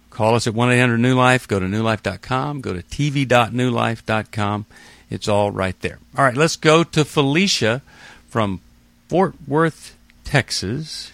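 A man hosts a call-in counseling show, easygoing and reassuring with casual fillers. His voice sits at an ordinary middle pitch. The studio sound is dry and close. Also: no echo. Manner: gentle, reassuring, conversational with fillers. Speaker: radio show host.

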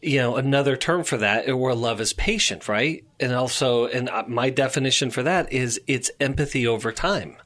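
A man speaking as a counselor in a casual talk, calm and reflective, with gentle pacing. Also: mid-range voice, normal speed, hardly any pauses. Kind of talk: casual chat.

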